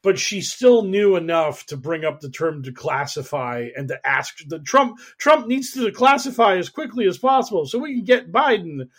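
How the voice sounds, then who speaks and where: Higher-voiced man, rambling and amused. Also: very animated, moderate pace, few pauses, a bit bright. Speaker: podcast co-host. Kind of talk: casual banter.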